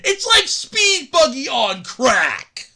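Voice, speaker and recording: High, excitable woman ranting. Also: slow, creaky. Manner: excitable, swearing, laughing rants. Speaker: podcast host. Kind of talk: ranting comedic podcast monologue.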